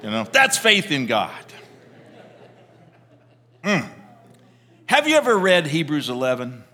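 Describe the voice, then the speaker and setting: Animated, bright-voiced preacher man. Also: a little high, slow pace, big-room sound. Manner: animated, conversational, with frequent restarts. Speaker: pastor. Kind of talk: sermon with storytelling.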